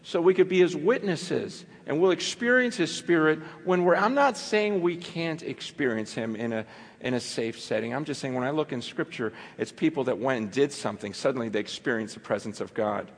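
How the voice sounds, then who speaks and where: A male pastor preaching a sermon, impassioned, building to near shouts and then dropping low and quiet. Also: expressive, a little fast, creaky. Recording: long hall reverb.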